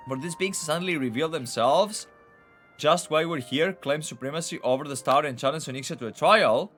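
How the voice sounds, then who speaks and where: A man's voice: on the high side, a little fast, a bit bright, faint music behind. A man giving boisterous, profane commentary while playing a game and reading its dialogue aloud. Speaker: gaming channel host. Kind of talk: casual let's-play commentary.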